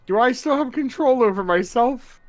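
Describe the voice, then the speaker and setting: A man's voice: very high-pitched, animated, moderate pace. A man playing a character in a tabletop game, giving short, matter-of-fact replies. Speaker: player. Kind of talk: casual in-character play.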